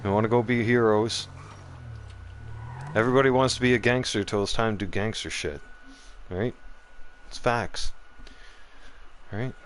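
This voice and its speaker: Low-voiced man trash-talking over gunfire. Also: normal speed, pauses often, a little hiss or hum. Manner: trash-talking, profane, taunting. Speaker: streamer. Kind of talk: gameplay commentary. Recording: game gunfire behind voice.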